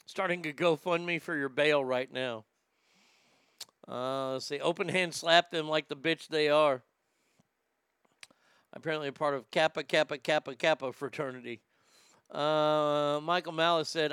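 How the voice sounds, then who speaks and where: A man's voice: a little high, unhurried, a bit bright, clean tone, no room sound, studio quality. A male comedian hosting a livestream, reading chat aloud and ranting in a blunt, profane way. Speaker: comedian host.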